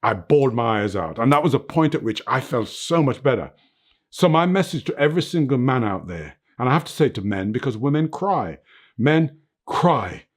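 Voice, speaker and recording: A man's voice: medium pitch, sing-song, moderate pace. An older man giving an emphatic, earnest interview about life lessons, often tagging his points with "right?" and "you know what", in a home under filming lights. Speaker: interview guest, fitness motivator. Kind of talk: reflective motivational interview talk.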